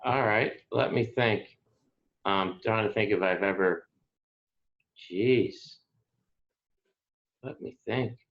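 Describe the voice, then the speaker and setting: Forceful Nova Scotian man, lo-fi sound. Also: fairly low pitch, slow, pauses often. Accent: Atlantic Canadian, Nova Scotia. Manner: relaxed, rambling anecdote teller. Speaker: sports broadcaster guest. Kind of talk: casual interview storytelling.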